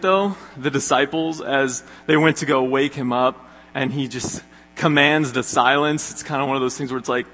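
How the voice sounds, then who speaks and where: A young man gives an earnest, conversational youth sermon with plenty of ums and uhs. His voice is bright and forward, and it rings out in a hall with long reverb. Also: medium pitch. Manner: earnest, conversational, many fillers. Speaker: youth pastor.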